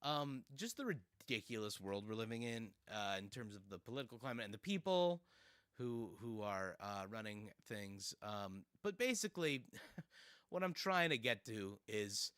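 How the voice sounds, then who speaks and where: A man's voice: lowish voice, expressive, normal speed, fairly bright tone, clear, resonant tone, no room sound, studio quality. A man hosting casual commentary, sarcastic and rambling with fillers and laughs. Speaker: streamer host.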